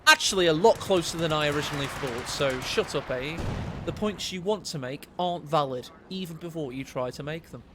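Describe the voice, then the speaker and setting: A man doing live game commentary, excitable and cheeky, teasing his co-caster. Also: on the high side, brisk, noisy background. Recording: loud game battle sounds behind.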